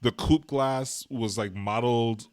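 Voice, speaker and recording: A man co-hosting a casual movie-review podcast, chatty and quick to laugh, wandering off into tangents. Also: mid-range voice, darkish tone, no echo, studio quality. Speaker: podcast co-host.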